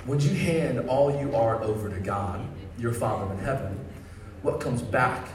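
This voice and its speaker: A man's voice: mid-range voice, unhurried. A man in his thirties preaching a sermon, telling a family story casually, then rising into fervent preaching. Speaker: pastor. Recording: echoey hall, distant mic, noisy.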